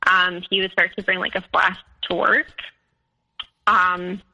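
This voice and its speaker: A woman's voice: fairly low pitch, level tone, measured pace, sharp tone, muffled recording. A woman guest recounting a personal story in an interview, talking hesitantly with many fillers and restarts.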